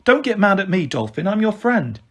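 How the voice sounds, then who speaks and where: A man's voice: high voice, very animated, a little fast. A man reading aloud and voicing a kind, anxious young schoolboy who speaks earnestly to his friend. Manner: earnest, gentle.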